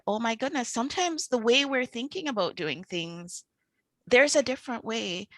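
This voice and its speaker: Female host, lively casual storytelling monologue, dry close recording. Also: mid-range voice, no room sound. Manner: animated, acts out quoted panic. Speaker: show host and coach.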